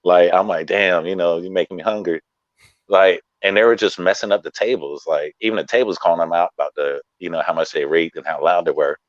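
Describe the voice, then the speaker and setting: A man's voice: sits low, steady tone, fairly quick, dry recording, lo-fi sound. A man telling stage stories in casual chat as a guest comedian, laid-back and acting out quoted lines, heard over a video call.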